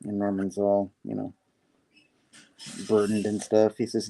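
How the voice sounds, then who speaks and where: A man's voice: lowish voice, monotone, measured pace, vocal fry, pauses often, mellow. A man recapping a comic issue in a casual, rambling way, full of fillers and quoted lines. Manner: rambling, filler-heavy, quoting characters. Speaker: comic book reviewer.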